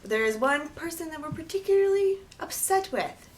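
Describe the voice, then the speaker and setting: A young woman from New Jersey, a book vlogger chatting casually to camera, talking fast and tripping over her words. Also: high voice, expressive. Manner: fast, tumbling speech, trips over words.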